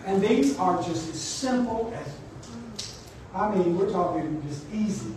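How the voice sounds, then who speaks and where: A man's voice: high voice, background noise. A man preaching a sermon as pastor, emphatic and exhorting his congregation. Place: church sanctuary. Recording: echoey church hall, mic at a distance.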